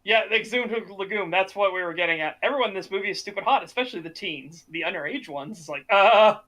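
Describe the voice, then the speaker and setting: A bright, forceful voice chatting casually on a podcast, jumping into acted-out quotes as it tells a story. The tone stays middle-pitched and lively. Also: fast. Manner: animated storyteller acting out quotes. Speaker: podcast co-host. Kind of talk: casual chat.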